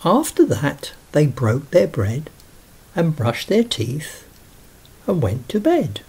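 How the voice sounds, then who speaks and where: A man's voice: a little high, wildly swooping pitch, slow pace, creaky, a little mellow, husky. A man reading a rhyming children's story aloud in a sing-song way.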